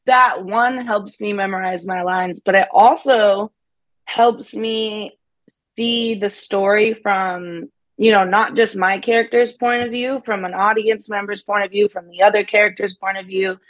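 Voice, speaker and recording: Young woman, guest actress, chatty and upbeat, quick laughs, dry close recording. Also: medium pitch, fairly even intonation, no echo. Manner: upbeat, laughs often, many fillers like "like". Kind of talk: casual interview chat.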